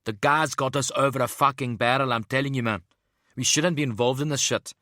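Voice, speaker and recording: A man's voice: mid-range voice, fairly even intonation, a little fast, sharp tone, dry recording, studio quality, pitched above the performer's own voice, close to an everyday voice. A man voicing a fat, sweating, hot-tempered businessman who rants with a South African accent. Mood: ranting, agitated. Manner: ranting, agitated.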